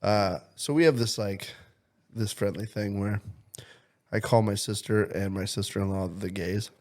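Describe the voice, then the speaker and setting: A young man with a fairly low voice trades crude, profanity-laced jokes with a friend on a casual podcast. He talks loosely and confidently, like he's holding court. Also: fairly even intonation, normal speed. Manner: loud, crude, joking, swears constantly. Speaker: podcast co-host.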